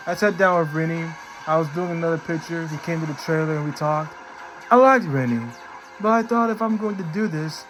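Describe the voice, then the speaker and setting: A man's voice: on the high side, lightly acted, rough recording. A man doing an offbeat, drawling impression of a famous male movie actor while reading the actor's quotes. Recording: clear background music.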